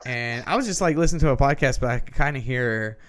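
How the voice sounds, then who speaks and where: A man with a mid-range, slightly bright voice talks fast and animatedly as a podcast co-host. He tells a long story in a casual, rambling way, swearing often and restarting his sentences.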